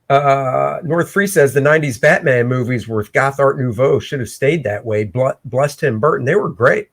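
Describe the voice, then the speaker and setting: A man hosting a casual livestream where he talks through his own comic pencils, excitable and breaking into shouts. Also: medium pitch, moderate pace, hardly any pauses. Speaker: comic artist and show host. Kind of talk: casual livestream art commentary.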